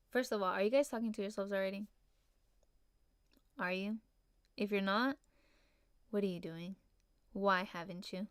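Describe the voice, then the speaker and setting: A woman's voice: mid-range voice, smooth, dry recording, clean studio sound. Laid-back young woman rambling on a podcast. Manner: laid-back, rambling, heavy on fillers and cussing. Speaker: podcast host. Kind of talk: casual solo podcast chat.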